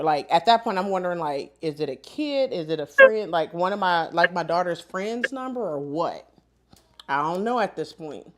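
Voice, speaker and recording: Lively low-voiced woman storyteller. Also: normal speed, crowd noise. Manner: animated, colloquial storytelling, laughing often. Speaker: host of a live sewing stream. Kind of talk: casual chat while sewing live.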